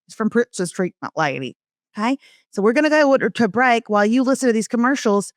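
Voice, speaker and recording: A woman hosting a comedy podcast, animated and joking. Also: fairly high pitch, fairly quick, no echo, clean studio sound. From Southern US. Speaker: podcast host. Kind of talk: casual comedic chat.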